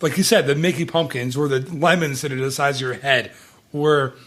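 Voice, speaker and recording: A man's voice: medium pitch, fairly even intonation, fairly quick, fairly bright tone. A middle-aged man hosting a casual podcast chat, laughing often as he talks. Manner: laughs often while talking. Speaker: podcast host.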